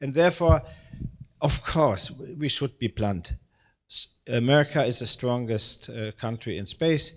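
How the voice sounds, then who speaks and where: In an unhurried, medium-pitched voice, a German-accented man in his sixties speaks English as a space agency director at a live public talk. He is hesitant and self-deprecating, with frequent fillers and restarts.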